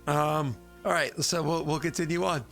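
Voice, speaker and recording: A man's voice: fairly high pitch, fairly even intonation, moderate pace, vocal fry, a bit bright, faint music behind. A man running a tabletop game as game master, rambling with many fillers and frequent laughs.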